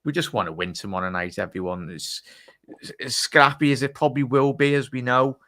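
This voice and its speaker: A man's voice: mid-range voice, fairly quick, bright, forceful tone, dry recording. A man hosting a casual live stream, chatty and teasing as he reads out chat messages. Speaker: host.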